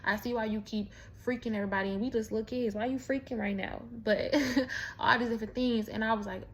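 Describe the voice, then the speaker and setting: A woman vlogger of Mexican heritage tells a personal story fast, her voice on the high side with fairly even intonation. Her casual storytelling monologue is candid, profane, and rambling, filled with restarts and asides.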